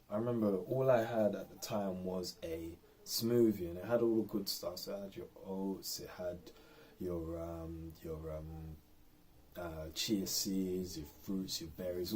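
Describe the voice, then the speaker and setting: A man's voice: low-pitched, darkish tone, a little hiss or hum. A man talking candidly and in a rambling way in an unscripted personal vlog. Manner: rambling and candid, lots of fillers. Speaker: vlogger.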